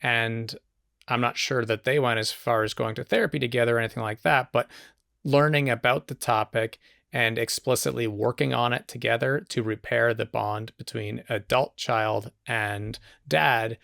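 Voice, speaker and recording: Gravelly, bright-voiced male podcast host. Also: medium pitch, steady tone, normal speed, dry recording, studio quality. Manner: reflective, thinking aloud with hedges. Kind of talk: conversational interview.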